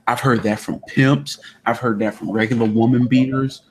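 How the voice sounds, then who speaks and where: A man's voice: mid-range voice, steady tone, normal speed, crowd noise. A man co-hosting a casual chat show, reading out viewer comments and adding his own view. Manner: brief affirmations, reads chat comments. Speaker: co-host.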